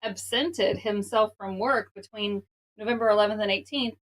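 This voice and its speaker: A woman's voice: mid-range voice, fairly even intonation, normal speed, rough recording. A woman co-hosting a casual true crime podcast, reading the case aloud and stumbling over words now and then. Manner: reads aloud, stumbling on words, laughing often.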